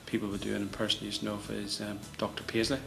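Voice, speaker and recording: A man with a Northern Irish accent, a politician answering interview questions hesitantly with many pauses. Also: lowish voice, monotone, creaky, music in the background, poor audio.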